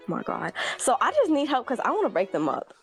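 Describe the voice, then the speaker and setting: Animated gossiping young woman caller. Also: on the high side, normal speed, vocal fry, soft background music. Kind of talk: casual storytelling.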